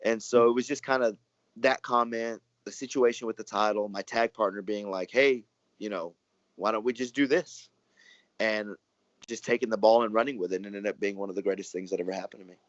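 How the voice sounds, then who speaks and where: A man, a wrestler telling stories in a relaxed interview, rambling and acting out what others said. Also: lowish voice, brisk, no echo. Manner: rambling, animated, acts out quoted dialogue. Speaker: professional wrestler and guest. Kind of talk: casual storytelling interview. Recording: dry, muffled lo-fi audio.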